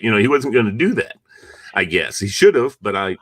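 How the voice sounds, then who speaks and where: A man hosting an interview show tells long, rambling stories in a fairly low voice. His recording is dry and close, with no room around it. He keeps things loose and conversational. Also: big pitch swings, fairly quick, dry recording. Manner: rambling anecdotal storytelling. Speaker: show host.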